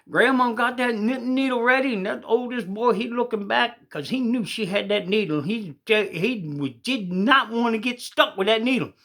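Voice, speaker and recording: A man's voice: extremely high pitch, expressive, fairly quick, creaky, hardly any pauses, fairly bright tone. Folksy man spinning a church joke. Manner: folksy, rambling, colloquial grammar. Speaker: joke teller.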